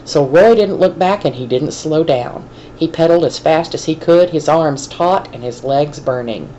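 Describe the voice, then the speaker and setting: A woman teacher reading a chapter aloud to her class, her voice low and steady. The pacing is measured, with a faint hiss underneath. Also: dull audio. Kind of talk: classroom read-aloud of a novel.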